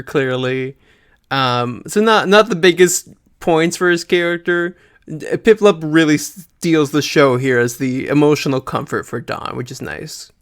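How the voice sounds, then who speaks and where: Smooth-voiced man recapping an episode. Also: on the high side. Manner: animated, laughs often, many fillers. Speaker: podcast co-host. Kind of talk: casual recap chat.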